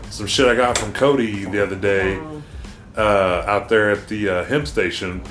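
A man's voice: fairly low pitch, fairly even intonation, normal speed, fairly bright tone. A laid-back man co-hosting a podcast, chatting casually and swearing. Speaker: podcast co-host. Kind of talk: casual chat. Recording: echoey room with music behind.

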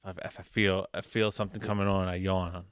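A man's voice: sits low, flat delivery, fast talker, clean tone, no room sound, studio quality. A man co-hosting a casual podcast with friends, laughing often and rambling with restarts. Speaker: podcast co-host. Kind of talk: casual chat among friends.

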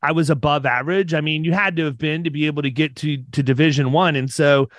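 A man's voice: a little high, steady tone, fast talker, fairly bright tone, no echo. A man of around fifty, an insurance business owner, telling casual stories on a podcast with energy, often repeating words and laughing.

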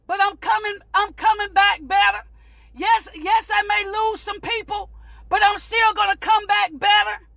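A preacher delivering a mock sermon, shouting in a rhythmic, repetitive cadence and breaking into whooping cries. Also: extremely high pitch, vocal fry, no room sound.

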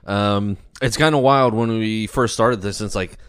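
A man's voice: lowish voice, a little slow, fairly bright tone, smooth, dry recording. A man, co-hosting a podcast in a laid-back, teasing, dry way. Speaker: podcast co-host. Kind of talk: casual chat.

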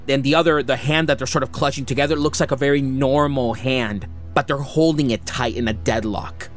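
A man narrating a tabletop game as game master, slowly describing the scene with many hedging "sort of"s. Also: mid-range voice, steady tone, soft background music.

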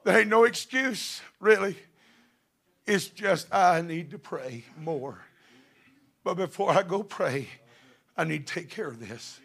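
A middle-aged preacher man with a high, gravelly voice. His tone is bright and forceful, and his fervent sermon climbs to shouted peaks. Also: lively intonation, slow pace, long pauses. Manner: fervent, building to shouted passages.

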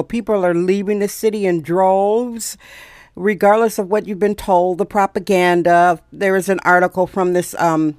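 A woman's voice: on the low side, no echo. Middle-aged woman, podcast host, sardonic ranter, dry mic. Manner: sarcastic, ranting. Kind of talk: daily solo rant podcast.

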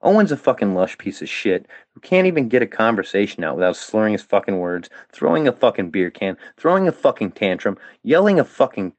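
A man's voice: on the low side, very animated, fairly quick, hardly any pauses, no room sound. Furious profane man ranting, lo-fi. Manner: profane, heated and defiant. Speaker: guest. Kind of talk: angry rant.

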